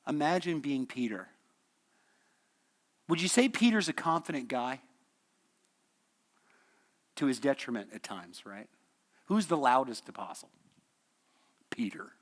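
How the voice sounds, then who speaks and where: A man's voice: mid-range voice, lively intonation, a little slow, pauses often. A man teaching a midweek church lesson in a conversational, storytelling way, asking the class questions and chuckling often. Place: church hall.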